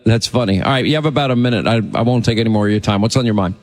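A man hosting a talk radio show, greeting callers and moving them along in a brisk, chatty way. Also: mid-range voice, a little mellow, big-room sound. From Long Island, New York.

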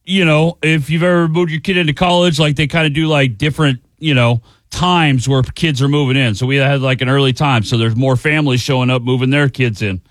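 A man's voice: mid-range voice, fairly even intonation, fairly quick, few pauses, no echo. A man in his forties, a radio co-host, telling a funny story in casual banter and mimicking other voices.

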